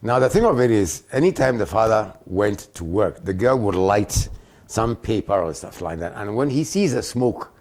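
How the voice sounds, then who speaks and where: Deep gravelly male co-host. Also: animated, normal speed, darkish tone. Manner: playful, cracks puns and anecdotes. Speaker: radio talk show co-host. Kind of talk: casual storytelling chat.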